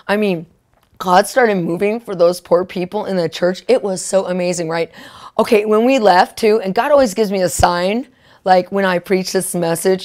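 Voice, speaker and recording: A woman preacher telling a testimony in an animated, emotional way, peppering her talk with "right?" and "like". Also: mid-range voice. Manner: fillers like "right?" and "like". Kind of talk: live-streamed testimony preaching.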